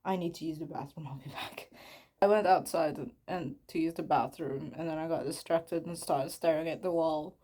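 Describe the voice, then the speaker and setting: A woman's voice: low voice, fairly even intonation, normal speed, mellow. A young woman from the Philippines chatting casually to her viewers while she crafts, giggly and self-conscious, rambling as she goes. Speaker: vlogger.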